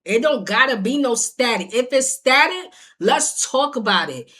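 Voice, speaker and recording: Animated bright-voiced woman telling a story. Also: a little high, moderate pace. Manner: animated, acts out quotes, swears freely. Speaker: storytime vlogger. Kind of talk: casual storytelling.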